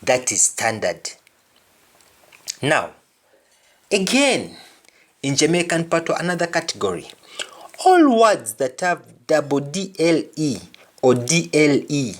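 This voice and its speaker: A man teaches pronunciation at a crawl, stretching out every word. He sets out each example word carefully and says it over again, in an even, middle-pitched voice. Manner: slow, deliberate, repeats each word in pairs. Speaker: language teacher. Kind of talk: pronunciation lesson.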